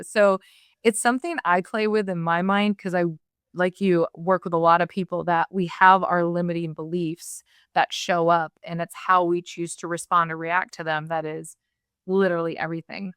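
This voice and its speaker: A woman's voice: on the low side, steady tone, moderate pace, clear, resonant tone, no echo, clean studio sound. A woman hosting a podcast, chatting enthusiastically with her guest. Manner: warm, enthusiastic, laughs easily. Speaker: podcast host. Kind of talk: conversational interview.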